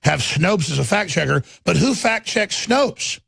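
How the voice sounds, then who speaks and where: A man with a very gravelly, raspy voice hosts a talk show and cuts in with quick remarks. His pitch sits somewhat high, and the sound is dry and close. He stammers as he restarts his sentences. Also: sing-song, fairly bright tone, no room sound.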